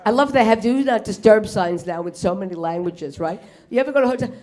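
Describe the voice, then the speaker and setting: A woman's voice: medium pitch, lively intonation, fast talker, a little mellow. Middle-aged New woman, stand-up comic, brash and profane, plays every character herself. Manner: brash, swears, acts out characters in punchlines. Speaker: stand-up comedian. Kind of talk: stand-up comedy set. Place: comedy club stage before a live audience.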